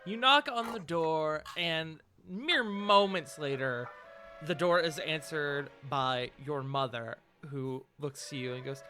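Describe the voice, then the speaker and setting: Bright-voiced man running a tabletop game. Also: a little high, soft background music. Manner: brisk, playful, many fillers. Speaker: game master.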